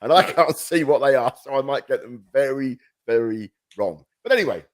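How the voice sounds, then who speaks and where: A man's voice: mid-range voice, expressive, normal speed. A man co-hosting a casual podcast chat, rambling and self-mocking with frequent restarts, on a podcast microphone. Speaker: podcast co-host. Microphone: new podcast microphone.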